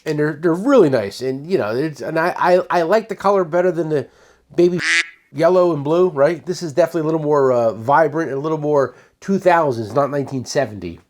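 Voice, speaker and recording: A man's voice: a little high, a little fast, a little mellow. A man who owns a tool shop, giving a casual, rambling sales demo of his products and often restarting his sentences. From United States.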